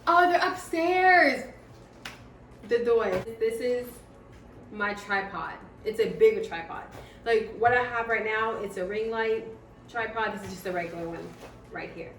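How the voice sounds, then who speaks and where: Speaking at a normal speed in a medium pitch, a woman vlogger shows off new gear in a home unboxing. She bubbles over with excitement and laughs often, while the sound is echoey, distant and noisy.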